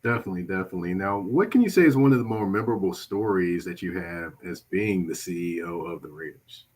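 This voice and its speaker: A man's voice: sits low, expressive, fast, a little mellow, slightly rough. A man hosting an interview who asks polite, slightly hesitant questions. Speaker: podcast host.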